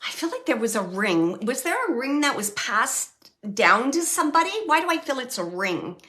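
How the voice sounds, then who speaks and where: A woman medium gives a live reading, her voice bright and a little high. She speaks in halting bursts, circles back over the same words and fills the gaps with soft fillers while she relays what she hears. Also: very animated. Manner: halting, repeats phrases, many fillers; relays messages, quotes the dead man. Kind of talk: live audience reading, thinking aloud.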